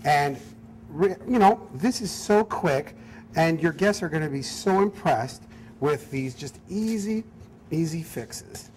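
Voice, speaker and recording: A man's voice: fairly high pitch, lively intonation, slow pace, a little mellow, a little hiss or hum. A man who is a chef, talking through a cooking demonstration in an upbeat, easygoing way. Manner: upbeat, easygoing, apologetic when teased. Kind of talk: cooking demo chat.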